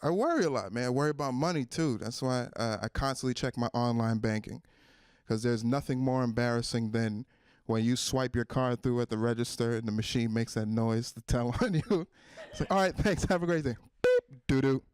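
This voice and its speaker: A man doing a stand-up comedy set on stage, animated and acting out characters in a high squeal. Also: fairly quick, clean tone, dry recording, studio quality. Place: stage in front of a live audience.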